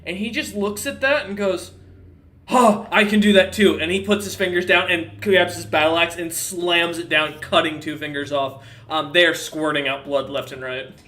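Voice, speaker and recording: A man's voice: on the high side, steady tone, moderate pace, hardly any pauses, bright, forceful tone. A man running a tabletop game as dungeon master, narrating casually with lots of laughs and fillers.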